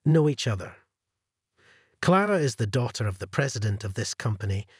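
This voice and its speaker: A man's voice: medium pitch, big pitch swings, moderate pace, husky, no room sound, studio quality. A man voicing a gracious older company president. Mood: polite.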